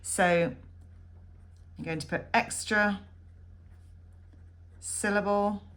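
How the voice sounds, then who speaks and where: Woman teacher going through a poem real slow, counting syllables, lots of ums. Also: medium pitch, steady tone, a bit bright. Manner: measured, counting syllables aloud, frequent ums. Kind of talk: poetry lesson, annotating a text.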